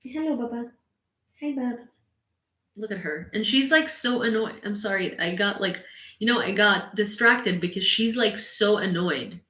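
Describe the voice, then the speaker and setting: A young Ukrainian woman hosting a casual live stream, chatty and quick to laugh. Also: medium pitch, animated, bright, forceful tone, reverberant, rough recording. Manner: chatty, laughs often, talks to her dog. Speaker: host of a live news stream. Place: home room.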